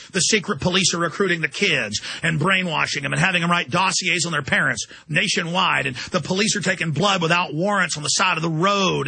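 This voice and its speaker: A man on his own show, ranting with relentless intensity and stumbling over repeated words as he pushes on. His voice is gravelly and strained, with a sharp, tight edge. It sits high for a man. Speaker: radio host. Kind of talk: angry political rant.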